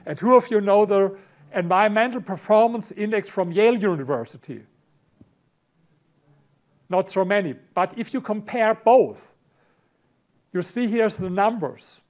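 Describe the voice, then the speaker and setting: A middle-aged man from Berlin with a German accent, lecturing a conference audience, halting and repeating words, often clearing his throat. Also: high voice, lively intonation. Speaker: conference speaker. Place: conference hall.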